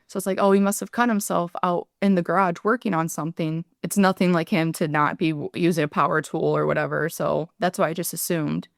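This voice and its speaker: Smooth-voiced woman in her thirties, earnest. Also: fairly low pitch, steady tone, no echo, studio quality. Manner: earnest, halting retelling that acts out her own past words. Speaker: guest, ER nurse and paramedic. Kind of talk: podcast interview, personal account.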